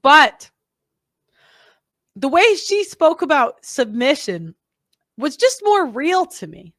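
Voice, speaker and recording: A woman hosts a reaction commentary, her voice pitched high and recorded close and dry. She talks bluntly and candidly, piling on asides and restarting her sentences. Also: big pitch swings, slow pace, fairly bright tone, dry recording. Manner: candid, blunt, rambling, self-interrupting. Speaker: host.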